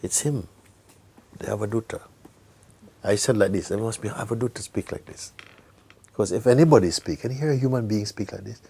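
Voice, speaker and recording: A man giving a spiritual talk to a gathering, speaking gently, often laughing and sometimes dropping into a whisper. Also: on the low side, a little fast, long pauses, slightly rough. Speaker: spiritual teacher.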